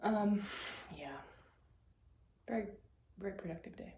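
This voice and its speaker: A woman's voice: mid-range voice, measured pace. A woman artist chatting casually to camera in her studio, rambling with lots of fillers and side remarks. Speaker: artist and vlogger. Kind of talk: casual vlog chat to camera. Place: indoor art studio. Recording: echoey room with steady background noise. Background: room ambience, a passing train.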